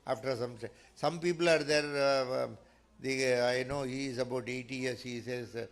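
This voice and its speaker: A man's voice: mid-range voice, moderate pace. A man with an Indian English accent giving a temple sermon, telling stories and acting out the people in them. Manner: animated storyteller, acts out quotes, mixes in Hindi. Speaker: spiritual teacher. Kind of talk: sermon with storytelling. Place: temple hall.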